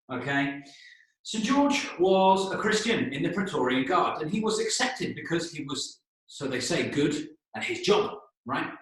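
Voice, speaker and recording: A man's voice: fairly high pitch, fairly bright tone. Echoey, slightly distant male English teacher. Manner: explains slowly, checks in with "okay?", spells out words. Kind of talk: storytelling lesson for learners. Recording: echoey room, voice a bit distant.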